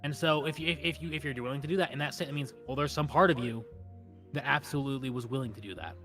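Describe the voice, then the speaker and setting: A man's voice: medium pitch, fast talker, fairly bright tone, soft background music. A man in casual stream chat, rambling and repeating words as he thinks aloud.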